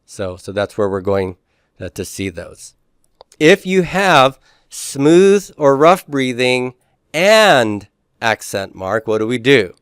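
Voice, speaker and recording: A man teaching a classroom lecture in a relaxed way, with frequent fillers and restarts. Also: mid-range voice, slow pace, clean tone, no echo, studio quality.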